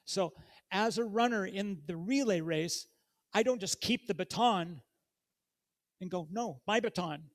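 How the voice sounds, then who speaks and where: A man's voice: high voice, measured pace, pauses often. A man preaching a sermon in a church, reading scripture aloud and putting questions directly to the congregation in a conversational way. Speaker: guest preacher.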